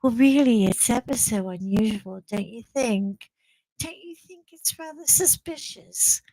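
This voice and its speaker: A woman's voice: a little high, lively intonation, a little slow, dark tone, no echo, poor audio. A woman voicing a prim, proper English lady with an English accent, sounding suspicious.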